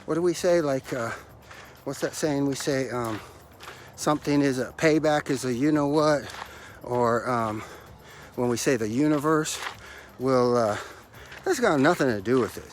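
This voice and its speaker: A male life coach hosts a motivational podcast while out of breath from running stairs, speaking emphatically and repeating key phrases like a preacher. His mid-range voice is a little slow with frequent pauses, over a bit of hiss or hum.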